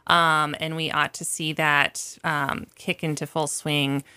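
A woman with a bright, forward voice sitting somewhat low in pitch, talking as an interview guest. She speaks earnestly and reflectively, pausing often with soft ums. Her tone stays conversational. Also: flat delivery, clean tone. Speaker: guest, advocacy organizer.

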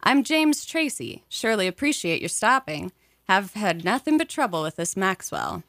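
A woman's voice: on the low side, fairly quick, no room sound, clean studio sound. A woman reading aloud, voicing a charming, polite young man who is a stranger on the road. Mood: smooth, polite. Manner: warm and polite, then excited. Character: charming smooth-talking young man, fugitive.

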